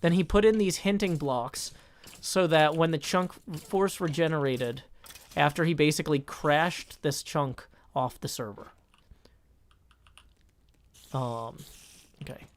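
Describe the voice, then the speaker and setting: A man's voice: fairly high pitch, slow, pauses often. A man streaming a game live, chatting casually, thinking aloud, cutting himself off mid-sentence and answering chat. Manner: thinks aloud, self-interrupting, reads chat. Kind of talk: casual live-stream commentary while gaming.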